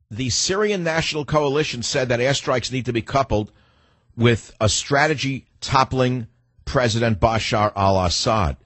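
A man's voice: medium pitch, slightly rough, no echo. A man hosting a political talk radio show, blunt and opinionated, rambling with restarts as he takes callers. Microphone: studio microphone.

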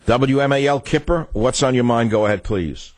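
A man's voice: medium pitch, normal speed, dry recording. A man hosting a political talk radio show, ranting heatedly and repeating phrases for emphasis. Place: radio studio.

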